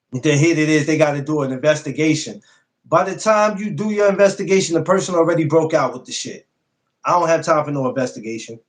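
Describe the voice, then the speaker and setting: A man hosting a casual podcast livestream, talking bluntly and profanely and repeating himself a lot. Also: a little high. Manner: repetitive, blunt, profane, animated. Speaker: podcast host.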